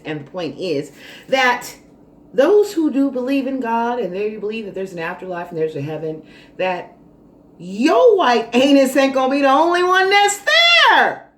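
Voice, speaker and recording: Animated, dramatic woman vlogger. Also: mid-range voice. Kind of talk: casual storytelling monologue. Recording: roomy echo, faint noise.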